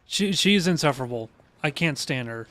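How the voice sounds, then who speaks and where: A man's voice: fairly high pitch, expressive, fairly quick, fairly bright tone. A man commenting casually on a live game stream, talking to his chat. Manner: chatty, laughing, talks to chat.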